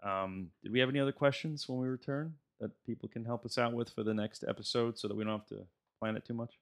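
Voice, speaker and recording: A man's voice: medium pitch, fairly even intonation, quick pace, gravelly. A man hosting a casual podcast, chatting loosely and laughing often as he wraps up an episode. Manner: laughs often, easygoing outro patter. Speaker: podcast host.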